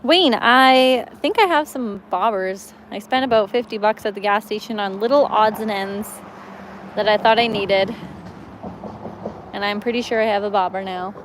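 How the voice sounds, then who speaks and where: A woman's voice: medium pitch, moderate pace, a little hiss or hum, poor audio. A young woman live-streaming as she fishes from a lakeshore, chatting and giggling as she talks to viewers. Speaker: fishing livestreamer. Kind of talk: casual live-stream chat. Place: outdoors on a lakeshore.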